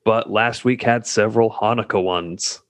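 A man's voice: fairly low pitch, steady tone, normal speed, dry recording. A man co-hosting a casual podcast discussion, speaking bluntly and provocatively. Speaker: podcast co-host.

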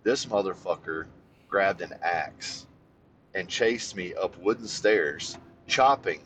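A man co-hosting a podcast, telling a childhood story in casual chat, swearing freely, and getting animated as he goes. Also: slow, slight background noise. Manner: animated, swears freely, voice jumps high when excited. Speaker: podcast co-host.

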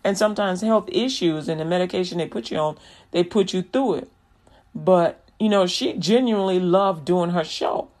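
A woman's voice: fairly low pitch, moderate pace, a little mellow. A woman minister preaching casually, folksy and direct, acting out examples and laughing often.

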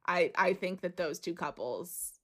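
A woman's voice: fairly low pitch, lively intonation, a little slow, a bit bright. A young woman co-hosting a podcast, chatting in a casual, upbeat way with lots of fillers. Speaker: podcast co-host. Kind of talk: casual chat.

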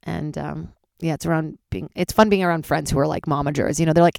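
Tired female comedian, low-ish gravelly voice, candid and swearing, dry close sound. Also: fairly even intonation, fast talker, a little mellow, no echo. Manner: candid and loose, swears freely. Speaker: stand-up comedian and podcast host. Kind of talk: casual solo podcast chat.

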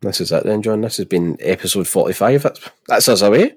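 A man's voice: fairly low pitch, animated, brisk, breathy edge, no room sound. A man with a Scottish accent and a nasal voice, co-hosting a football podcast in jokey, rambling casual chat. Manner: jokey, rambling, laughs often. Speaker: podcast co-host.

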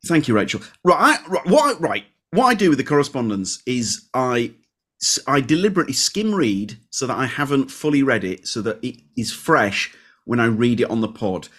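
A man's voice: mid-range voice, very animated, moderate pace, fairly bright tone. A man co-hosting a comedy podcast, chatting casually and reading out listener emails with self-deprecating asides. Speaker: podcast co-host.

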